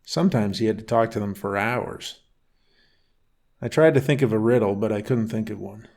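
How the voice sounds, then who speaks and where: A man narrating a first-person bedtime story in a calm, unhurried reading voice. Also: fairly low pitch, gravelly.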